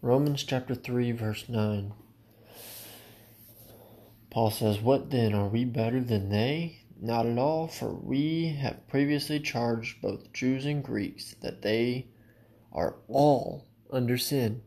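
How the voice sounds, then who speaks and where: A man's voice: medium pitch, slow pace, darkish tone. A man preaching a sermon in an earnest, direct way, often addressing listeners as his friend.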